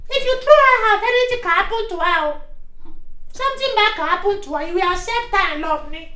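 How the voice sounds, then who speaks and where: A man's voice: extremely high pitch, lively intonation, fairly quick, bright, forceful tone, exaggerated voice. A man with a Nigerian accent playing a jovial, meddling preacher in a comic gospel film, moving between English and Yoruba. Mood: lecturing. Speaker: pastor. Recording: echoey room with music bed.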